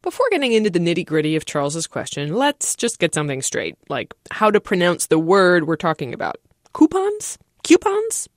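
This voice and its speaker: A woman radio reporter narrating a news feature in a brisk, wry way. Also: deep voice, big pitch swings, dry recording, clean studio sound.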